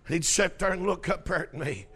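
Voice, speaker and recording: A man preaching a sermon and telling a story, swinging from hushed tones to shouting. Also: high voice, moderate pace, slightly rough.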